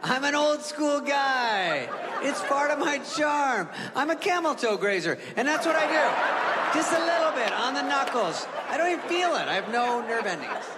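A brash, shameless old-school uncle, put on by a man, boasting in a high, stretched-out drawl. It is delivered on a comedy stage with a long hall echo and a laughing crowd behind. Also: sing-song, moderate pace, heavy background noise. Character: brash older male uncle who gropes people. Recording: reverberant club hall with audience.

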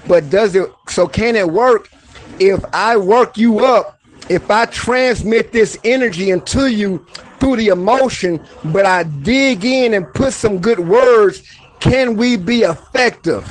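A man delivering a profane, preachy motivational rant to his viewers, swinging from low musing to loud exhortation. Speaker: video creator.

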